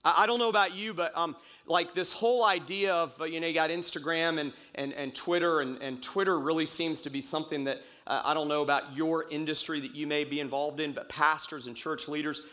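A pastor recovering from a cold, preaching a conversational sermon in church and repeating key phrases slowly for emphasis. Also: male voice, fairly high pitch, fairly even intonation, sharp tone.

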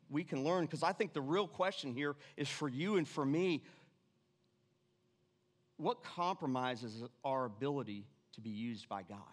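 A man preaching a sermon, animated, repeating his lines and dropping suddenly to quiet. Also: fairly high pitch. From Irish family background. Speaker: pastor. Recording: long reverb of a church hall.

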